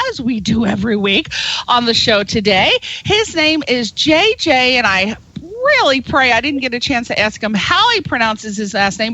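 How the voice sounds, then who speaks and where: A woman's voice: a little high, pushed and bright, dry recording. A woman hosting a radio talk show, chatty and rambling as she gives web addresses and introduces guests. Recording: dull lo-fi radio broadcast.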